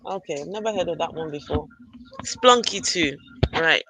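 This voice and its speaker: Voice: medium pitch, quick pace, noisy background. An adult parent hosting a casual live stream from a gaming arena computer, chatting and greeting viewers by name. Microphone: arcade computer, no camera.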